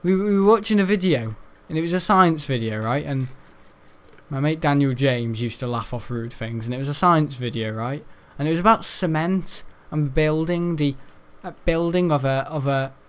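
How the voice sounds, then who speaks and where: A man's voice: on the high side, normal speed, a bit bright, clean tone. A young man telling a school story while gaming, laughing often and tripping over his words. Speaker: gaming streamer.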